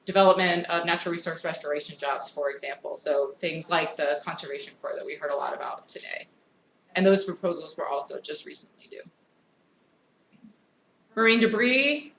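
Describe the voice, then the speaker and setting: Presenting for a federal grants program, this woman has a medium-pitched, slightly bright voice and a brisk, informal manner full of "um" fillers. Her conference talk takes place in an echoey hall, with faint background noise in the recording.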